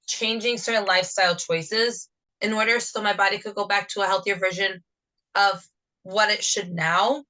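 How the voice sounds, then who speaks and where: A woman's voice: medium pitch, steady tone, moderate pace, pushed and bright, low-quality recording. A woman with a New Jersey accent co-hosting a casual chat podcast, talkative and rambling from topic to topic. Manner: chatty, rambling, jumps between topics. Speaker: podcast co-host.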